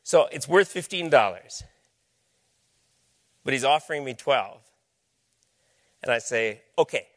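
A man's voice: mid-range voice, animated, slow, pauses often, fairly bright tone. A man giving a lecture with slides, talking in a conversational, storytelling way. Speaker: speaker.

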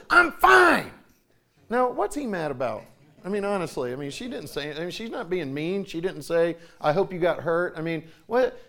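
A man in his forties from the United States, talking casually about parenting, with many restarts and clearings of his throat. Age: 40s. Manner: conversational storytelling, acts out quoted voices with sharp pitch jumps.

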